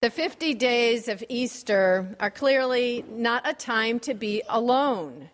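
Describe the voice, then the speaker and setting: A woman preaching a sermon in a measured, wry and gently humorous way. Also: on the high side, lively intonation, in a large hall.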